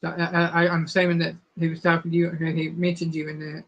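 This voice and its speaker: Lady, hoarse voice, chatty live trivia host reading out viewer answers. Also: low-pitched, level tone, quick pace, muffled recording. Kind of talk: casual live-stream chat.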